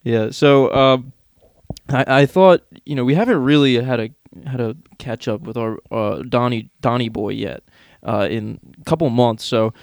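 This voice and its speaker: A man's voice: mid-range voice, normal speed, dry recording, studio quality. A man co-hosting a podcast in casual, profane banter, laughing often. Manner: giggly, laughs often between lines. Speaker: podcast co-host.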